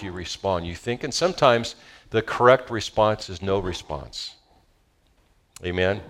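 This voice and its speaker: Low-voiced pastor preaching a sermon. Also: male voice. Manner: animated, calls for audience responses; reads a story aloud with feeling.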